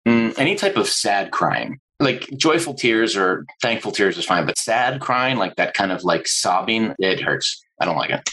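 Deep husky man telling lively stories. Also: moderate pace, few pauses, rough recording. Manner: enthusiastic storyteller, acting out quotes. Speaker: agency owner, guest. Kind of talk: interview conversation.

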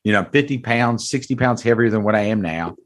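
A man's voice: lowish voice, quick pace. A man in his forties, a car dealership owner, telling his story to an interviewer in a blunt, earnest, folksy way. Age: 40s. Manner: earnest, blunt, folksy, calls host brother. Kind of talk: candid conversational storytelling.

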